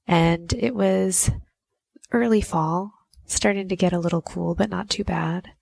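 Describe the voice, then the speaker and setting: Low gravelly woman telling a story. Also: fairly even intonation, measured pace, a little mellow. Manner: conversational, frequent "you know" fillers. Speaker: podcast host. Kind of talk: personal storytelling.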